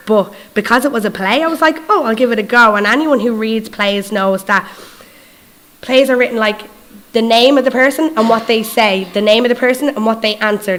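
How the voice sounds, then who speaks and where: A woman's voice: a little high, low-quality recording. A woman with an Irish accent giving a storytelling sermon as a guest preacher, acting out dialogue and checking in with her listeners. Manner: lively, acts out dialogue in quoted voices; conversational, checks in with the audience.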